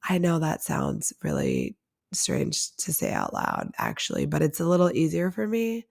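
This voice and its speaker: A woman's voice: low voice, huge pitch swings, normal speed, gravelly, darkish tone. A woman hosting her own podcast, telling a personal story in a candid, confessional way with lots of casual filler words. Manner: chatty and confessional, heavy use of "like". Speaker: podcast host.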